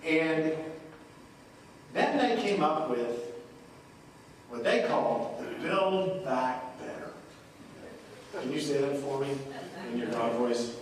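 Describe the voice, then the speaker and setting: A man's voice: mid-range voice, expressive, slow, long pauses, a little hiss or hum. A man giving a punchy, joking town hall speech as a congressman. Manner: punchy, joking, folksy delivery. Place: courthouse meeting room. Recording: echoey live room from far off.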